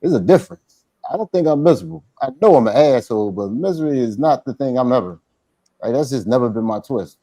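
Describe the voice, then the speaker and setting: A man's voice: medium pitch, lively intonation, quick pace, mellow, no room sound. Laid-back man with a Philadelphia accent. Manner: blunt, laid-back, profane. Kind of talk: casual chat.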